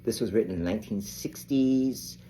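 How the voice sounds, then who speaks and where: An older man teaching saxophone in an unhurried, rambling way, often restarting his sentences. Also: fairly low pitch, mellow, a little hiss or hum. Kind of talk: casual instructional talk.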